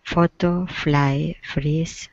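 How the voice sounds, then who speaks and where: A woman reading pronunciation words aloud in an online class, steady and deliberate. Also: low-pitched. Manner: steady, deliberate word repetition. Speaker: student. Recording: dull video call audio.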